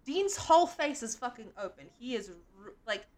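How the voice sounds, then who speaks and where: A woman co-hosts a chatty podcast in a fairly high voice that leaps all over the place. She is excitable and exclamatory, and she swears without a second thought. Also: normal speed. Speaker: podcast co-host. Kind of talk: casual chat.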